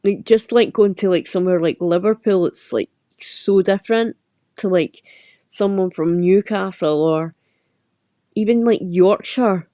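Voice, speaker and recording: A woman's voice: mid-range voice, a little slow, warm tone, no room sound. A middle-aged Scottish woman hosting a casual livestream chat, rambling with lots of fillers and frequent laughs. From Scotland. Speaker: livestream host. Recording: dull lo-fi sound.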